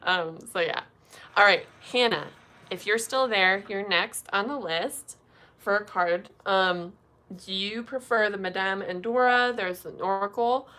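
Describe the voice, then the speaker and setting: This young tarot reader does live card pulls on a relaxed stream, her talk loose and peppered with "um" and "like." She speaks at an unhurried pace in a mid-range voice that comes across bright and forceful.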